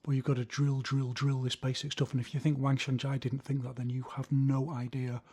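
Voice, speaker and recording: A man's voice: mid-range voice, level tone, brisk, darkish tone, slightly rough. A man teaching a martial arts lesson, explaining technique and counting punches aloud as he demonstrates.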